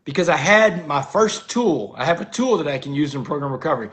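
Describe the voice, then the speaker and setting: A man's voice: on the high side, lively intonation, brisk, a bit bright. A man, a guest in an interview, telling a personal story earnestly and often dropping "man" into his talk. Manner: earnest, keeps saying "man".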